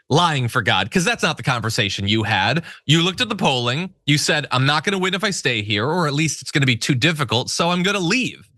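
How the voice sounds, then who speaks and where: A man hosting a political commentary show, talking in a sarcastic, animated way. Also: on the high side, no echo, studio quality. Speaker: show host.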